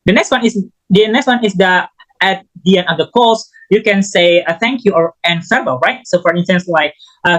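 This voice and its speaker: A man giving a recorded English lesson as a student teacher, halting and often restarting his phrases. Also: sits high, fairly bright tone, poor audio.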